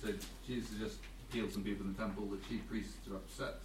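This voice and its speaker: A man in a Bible study group, quickly retelling a Bible passage when asked. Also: lowish voice, fairly even intonation, crowd noise. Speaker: group member. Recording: distant, roomy, noisy room mic.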